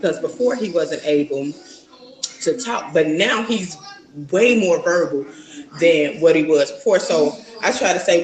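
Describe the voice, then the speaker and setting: A woman's voice: sits low, lively intonation, normal speed. Reflective mother in an echoey room. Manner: reflective, rambling with many fillers. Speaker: mother of a young son, guest. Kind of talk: casual interview talk.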